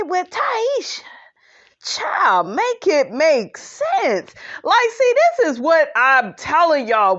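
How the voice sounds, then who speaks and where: A woman's voice: sits high, fairly bright tone, lo-fi sound. A woman hosting a podcast, recapping a reality show in a sassy, gossipy way and talking straight to her listeners. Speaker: podcast host.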